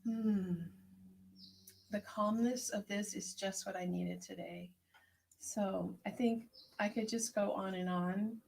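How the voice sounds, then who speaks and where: Gentle prayerful woman with a gravelly voice. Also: mid-range voice, fairly even intonation, takes it slowly. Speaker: herbalist hosting an online tea circle. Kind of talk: reflective spoken meditation and chat reading.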